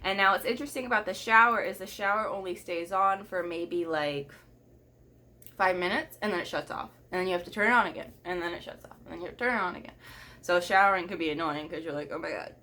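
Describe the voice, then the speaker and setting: A young woman in her twenties telling a personal story in a frank, casual way, swearing freely and quoting people in lively voices. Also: lowish voice, fast talker. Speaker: vlogger.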